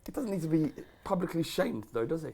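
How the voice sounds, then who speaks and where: A man's voice: a little high, animated, fast talker, creaky, darkish tone, a little hiss or hum. An English man co-hosting a football podcast, teasing his co-host with short, dry questions. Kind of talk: casual football chat.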